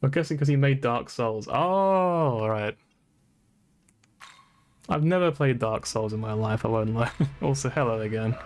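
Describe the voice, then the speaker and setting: A man's voice: medium pitch, measured pace, a little hiss or hum. A man streaming a game, giving casual commentary while getting frustrated and swearing a lot. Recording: game music playing behind. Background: game music.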